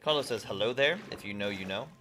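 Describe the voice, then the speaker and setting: A man's voice: lowish voice, fast, sharp tone, soft background music. A young man streaming a game, reading viewer messages aloud and chatting back casually. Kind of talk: casual live-stream chat.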